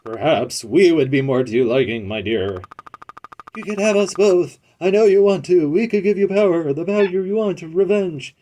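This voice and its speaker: A man's voice: fairly high pitch, animated, normal speed, pitched above the performer's own voice, lightly acted. A man voicing a sly, seductive, scheming royal villain in a game, speaking in a purring, tempting way. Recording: loud game music behind.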